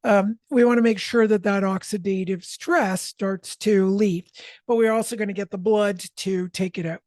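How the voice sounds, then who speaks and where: A woman leading a spoken energy healing session, explaining calmly and correcting herself as she goes. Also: mid-range voice, moderate pace, dry recording, clean studio sound. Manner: explanatory, self-correcting, calm.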